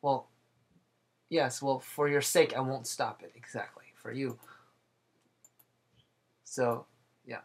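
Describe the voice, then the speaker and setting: A man's voice: mid-range voice, steady tone, takes it slowly, pauses often, breathy edge. A man hosting a live drawing stream, rambling and joking with viewers and talking himself through his work. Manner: rambling, jokey, talks to himself while working. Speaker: livestream artist host. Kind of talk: casual chat while drawing live.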